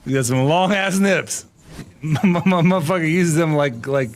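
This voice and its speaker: A man's voice: on the high side, normal speed. A man chatting casually on a live stream, telling crude jokes and breaking into frequent laughter.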